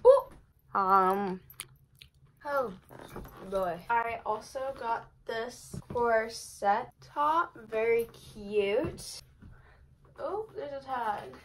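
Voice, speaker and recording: A young woman with a fairly high voice gushes through a casual try-on haul. She rambles on in a bubbly, fast-talking way, with a faint hiss behind her. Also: a bit bright, poor audio. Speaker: fashion vlogger.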